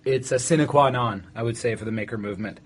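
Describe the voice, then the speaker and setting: A man's voice: medium pitch, quick pace, slightly rough. Joking Canadian podcast host, man. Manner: joking, playful, puts on silly voices. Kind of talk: casual chat.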